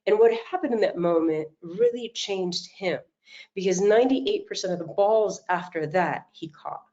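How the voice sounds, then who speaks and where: A middle-aged woman coach giving an animated motivational talk, telling stories and acting out quotes, over a video call. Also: on the low side, moderate pace, dull audio. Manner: animated storytelling, acts out quotes.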